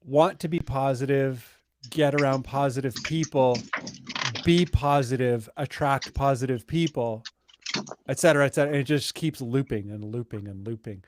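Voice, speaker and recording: A man's voice: mid-range voice, moderate pace, background noise. A man in his thirties co-hosting a podcast in casual chat, easygoing and rambling, laughing often. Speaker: podcast co-host.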